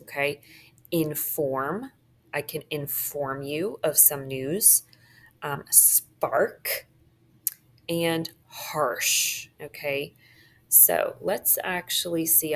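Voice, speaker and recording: A woman's voice: deep voice, slight background noise. A woman teacher walking students through a phonics worksheet, often checking in with "okay?" as she marks words. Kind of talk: phonics lesson walkthrough.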